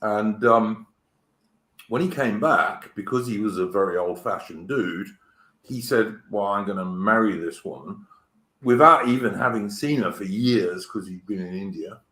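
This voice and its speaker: British guy chatting, low-ish voice, stumbles and restarts a lot, roomy sound. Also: unhurried, fairly bright tone. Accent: British English. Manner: chatty storyteller with many restarts and stammers. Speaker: podcast host. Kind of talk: casual political chat show.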